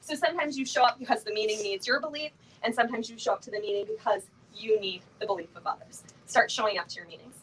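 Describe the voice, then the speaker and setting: A woman's voice: on the high side, fast, hardly any pauses, fairly bright tone, distant mic, a little hiss or hum, low-quality recording. A middle-aged woman giving a motivational talk to a live audience from a stage, chatty and playful, full of fillers and laughing asides. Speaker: motivational speaker at a sales event.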